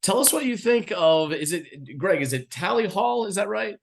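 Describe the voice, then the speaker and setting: A man's voice: sits high, big pitch swings, normal speed, creaky. Easygoing male co-host. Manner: easygoing, agreeable, wraps up the show. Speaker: co-host of a music reaction show. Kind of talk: casual chat.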